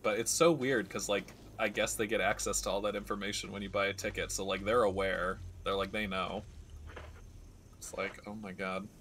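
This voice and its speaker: A man's voice: lowish voice, fairly even intonation, moderate pace, a bit bright, slight background noise. A man streaming a video game, chatting casually and rambling through stories as he plays. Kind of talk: casual gameplay commentary.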